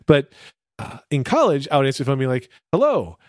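Man, podcast co-host, quick delivery, dry close sound, casual storytelling. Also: mid-range voice, dry recording. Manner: animated storyteller, acts out quotes. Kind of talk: casual chat.

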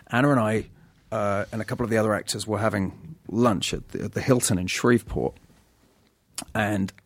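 A British actor as a podcast guest, telling animated stories with lots of restarts and laughs. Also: male voice, lowish voice, no room sound. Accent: British English. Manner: animated storytelling, many restarts, laughs often. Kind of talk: podcast conversation.

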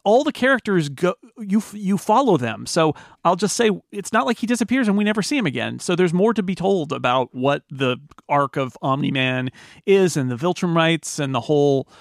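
A man's voice: fairly high pitch, expressive, brisk, gravelly, dry recording, studio quality. A man hosting a podcast in casual chat, enthusiastic, laughing often and restarting his sentences. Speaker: podcast host.

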